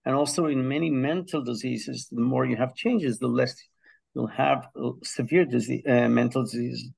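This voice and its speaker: A man's voice: medium pitch, fairly even intonation, moderate pace, gravelly, darkish tone, slightly rough. A man from Israel, a health psychology professor, explaining his research as a podcast guest with enthusiasm, analogies and frequent hesitations. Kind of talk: conversational explanation.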